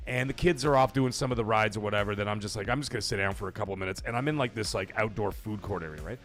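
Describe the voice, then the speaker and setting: A middle-aged man from Canada hosting a live gaming stream, telling stories in a rambling way, cursing freely and getting loud when he is excited. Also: on the low side, very fast, faint music behind. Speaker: livestream host. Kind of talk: casual live-stream chat.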